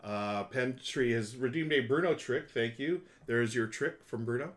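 A man's voice: mid-range voice, normal speed. A man hosting a casual live stream from home, upbeat and thanking viewers by name as he chats.

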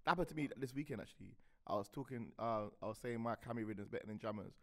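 A middle-aged British man, a guest on a podcast, chatting in an animated, joking, slangy way. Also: mid-range voice, very fast. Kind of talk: casual podcast chat.

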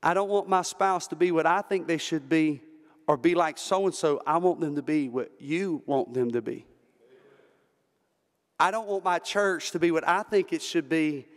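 A Southern American man preaching a Baptist sermon with fervor, his voice sitting high for a man. He builds to shouts at the peaks. His words ring through a church sanctuary with a long reverb tail. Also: moderate pace. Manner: fervent, rises to shouting at peaks. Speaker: pastor.

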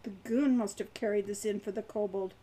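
A woman reading aloud and voicing an earnest, kindly young man who speaks gently and reasonably. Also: high-pitched, fairly even intonation, a little fast.

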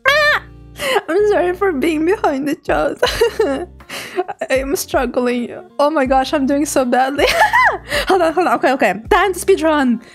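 Young woman, native Russian speaker, high voice, giggly, chatty streamer, faint music behind. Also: animated, unhurried. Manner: giggly, chatty, often laughs and apologises. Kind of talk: casual live-stream chat reading out chat.

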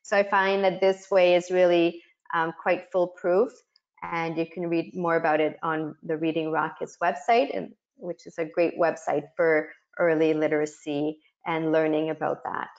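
Woman explaining classroom activities, low voice. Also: level tone, moderate pace. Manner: practical, explanatory, modeling words for children. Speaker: webinar facilitator. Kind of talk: instructional webinar talk. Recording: muffled lo-fi webinar audio.

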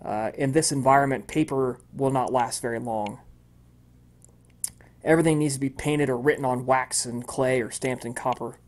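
A man's voice: mid-range voice, fairly even intonation, moderate pace. A man narrating as game master of a tabletop role-playing game, with frequent ums and uhs.

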